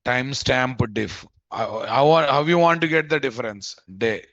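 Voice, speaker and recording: A man's voice: medium pitch, unhurried, a bit bright, no room sound. Man teaching code, muffled audio. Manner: thinks aloud, repeats phrases, often adds "guys?". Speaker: programming instructor. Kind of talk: live coding lesson. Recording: dull, dry lo-fi mic audio.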